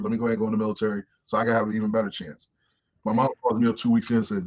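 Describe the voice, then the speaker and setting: A man in his thirties, appearing as an interview guest on a podcast, tells candid stories in an animated way, swearing freely and acting out other people's voices. His voice is lowish and he races along.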